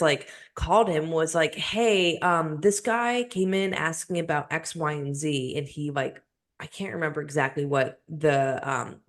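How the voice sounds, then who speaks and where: A young woman co-hosting a podcast in casual chat, rambling with lots of fillers and restarts. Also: low voice. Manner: chatty, many fillers and restarts, laughs easily. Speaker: podcast co-host.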